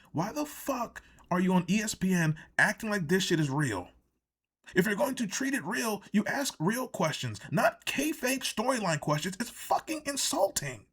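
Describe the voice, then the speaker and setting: Brief: male reviewer, exasperated and profane ranting commentary, slightly high voice that swings widely. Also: sing-song, normal speed, a bit bright, breathy edge. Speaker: wrestling show reviewer.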